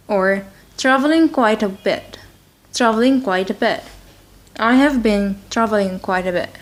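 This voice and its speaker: Slow, high-voiced woman teaching English. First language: Arabic. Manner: repeats phrases many times for practice. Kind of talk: slow spoken English lesson with repeat-after-me drills.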